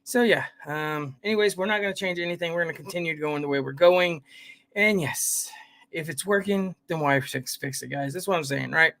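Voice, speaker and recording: A man's voice: a little high, a little fast, fairly bright tone. A man hosting a live stream, chatting casually, greeting viewers by name and reading their comments in a rambling way. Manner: rambling, greets viewers by name, keeps saying "guys" and "fam". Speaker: livestream host.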